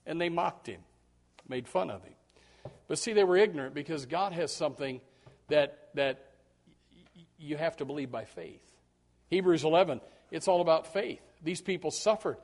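A man's voice: a little high, moderate pace, pauses often, darkish tone. A man preaching a sermon to his congregation, acting out quoted voices and repeating words as he builds his points. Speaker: pastor.

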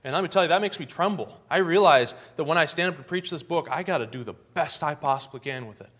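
A man's voice: fairly high pitch, fast talker, fairly bright tone. A man preaching a sermon in a folksy storytelling way, acting out the scenes he describes.

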